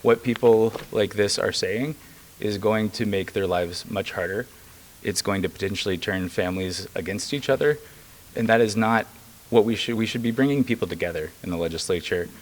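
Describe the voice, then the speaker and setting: Casting: young man, lowish voice, earnest legislator at a press conference, emphatic. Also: normal speed. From rural Missouri. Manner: earnest and emphatic, with occasional fillers. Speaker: state legislator.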